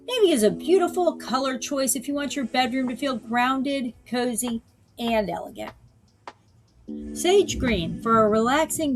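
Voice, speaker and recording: A woman realtor presenting a home decor vlog in a bubbly, playful way, with jokey asides. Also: high voice. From Florida.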